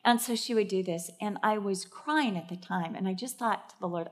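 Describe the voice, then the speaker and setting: A middle-aged woman preaching a sermon. She tells stories in an animated way and acts out the voices. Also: medium pitch, a little fast, few pauses.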